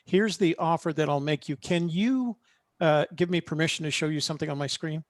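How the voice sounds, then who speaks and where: A man on a video call making a sales pitch in a halting way, full of fillers. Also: no echo, clean studio sound. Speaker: panel attendee offering live-stream production. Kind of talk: casual online panel chat. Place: home studio.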